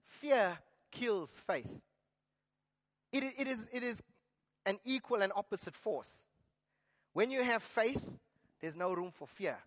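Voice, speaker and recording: A man's voice: high-pitched, animated, slow pace, long pauses. A man preaching a sermon, earnest and exhorting, now and then restarting a phrase. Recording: long hall reverb.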